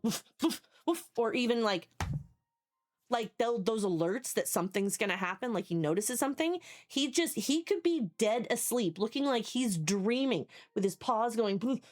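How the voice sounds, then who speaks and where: A woman's voice: a little high, lively intonation, moderate pace, darkish tone. A woman streaming live who chats casually with her viewers, rambling, swearing freely and laughing often. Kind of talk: casual chat. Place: home basement.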